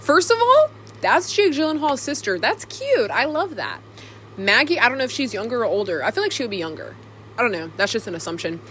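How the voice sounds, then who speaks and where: A young woman talks to her own camcorder, rambling and giggling through a casual vlog. Her voice sits a little high and swoops all over the place. There's a faint hiss of room noise underneath. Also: big pitch swings, brisk, a bit bright. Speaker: vlogger. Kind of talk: casual chat to camera. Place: alone in a room.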